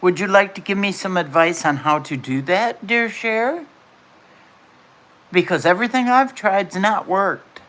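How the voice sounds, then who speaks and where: A woman's voice: medium pitch, unhurried, fairly bright tone. An older woman hosting a casual livestream from home, chatting and answering her viewers' comments by name. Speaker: livestream host.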